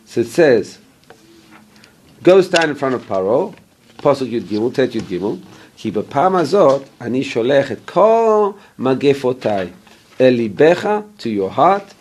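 A little hiss or hum accompanies a very animated, darkish, mid-range male voice. He's a Torah teacher leading a casual Bible class, explaining each verse, checking in with listeners, and stopping now and then to find an English word.

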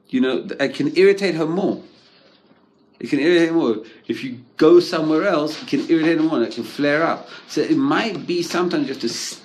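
Man giving a casual Torah talk. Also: fairly high pitch. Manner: conversational, repeats "right?", mixes in Hebrew terms. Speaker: Torah teacher. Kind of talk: informal religious talk.

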